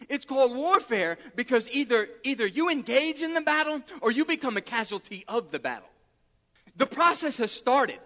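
A man preaching a sermon as pastor, impassioned and building to shouts, often repeating words as he pushes ahead. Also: very high voice. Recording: long reverb of a large hall.

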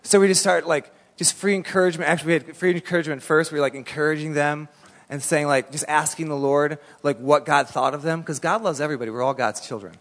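A man's voice: on the high side, steady tone, fast talker, a bit bright. A man preaching a sermon, telling a story animatedly in a casual, colloquial way. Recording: long reverb in a large hall.

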